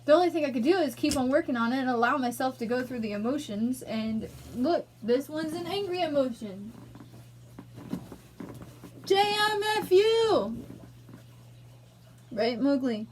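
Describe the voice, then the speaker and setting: A woman's voice: sits high, brisk, few pauses, darkish tone, slight background noise. A young woman ranting angrily in a personal vlog, emotional and swearing. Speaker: vlogger.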